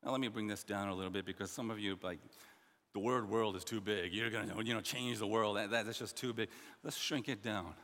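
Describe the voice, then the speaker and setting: A man preaching a sermon as pastor, emphatic and repetitive, swinging between loud stresses and quiet asides. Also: fairly low pitch, fairly even intonation, brisk, big-room sound.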